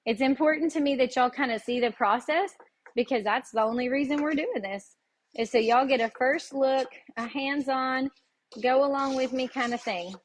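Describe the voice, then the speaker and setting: A woman's voice: high voice, moderate pace, slight background noise. A woman with a Tennessee Southern accent, hosting a live cooking lesson and chatting folksily with her viewers as she goes. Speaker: cooking show host.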